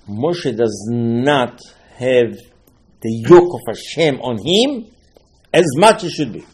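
Husky man teaching a Torah class. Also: mid-range voice, expressive, measured pace, long pauses, a little mellow. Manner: rhetorical questions, mixes Hebrew terms into plain English. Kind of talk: Torah lesson.

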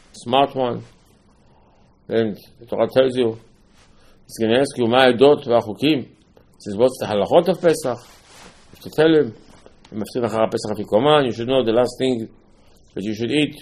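A man gives an animated Passover sermon as a Torah teacher, full of rhetorical questions and repeated phrases. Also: mid-range voice.

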